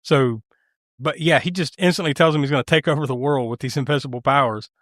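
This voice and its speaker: A man's voice: mid-range voice, fast talker, no echo, clean studio sound. A man co-hosting a podcast, retelling a film scene by scene in casual chat, laughing, swearing and acting out lines. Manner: animated storyteller, acts out scenes in funny voices, swears, laughs often. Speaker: podcast co-host. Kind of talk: casual movie review chat.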